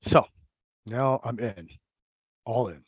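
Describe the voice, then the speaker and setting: A man's voice: mid-range voice, slow pace, breathy edge, no echo. A man in the middle register speaks openly about his recovery, stumbling over repeated words and breaking into laughter. The sound is dry and a little dull, as on a muffled recording. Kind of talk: personal recovery share.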